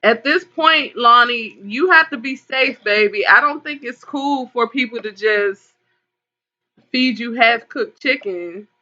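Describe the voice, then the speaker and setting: Her voice is on the high side, pushed and bright, at a measured pace. Running a live tarot call-in stream over dull lo-fi audio, she reads comments out and chats with viewers casually and with concern, calling them pet names.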